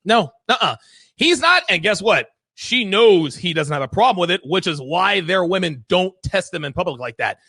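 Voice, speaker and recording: A man's voice: high voice, big pitch swings, normal speed, sharp tone, no room sound. A man hosting a talk show, telling stories in a blunt, emphatic, profane way. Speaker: podcast host. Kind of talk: casual chat.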